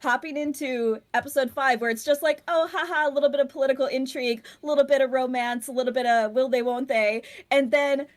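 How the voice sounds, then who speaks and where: A woman co-hosting a casual podcast chat, animated and profane, often laughing as she talks. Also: sits high, quick pace, few pauses. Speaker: podcast co-host.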